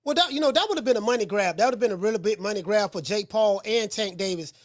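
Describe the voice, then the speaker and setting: A man hosting a call-in boxing talk show, chatting in a relaxed, rambling way that circles back and repeats points. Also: sits high, quick pace, no room sound, studio quality. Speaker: boxing coach and show host.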